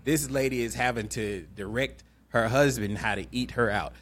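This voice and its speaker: A man hosting a podcast, recapping a movie in animated, laughing, profane storytelling. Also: medium pitch, moderate pace, slight background noise. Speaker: podcast host. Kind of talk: casual chat, movie recap.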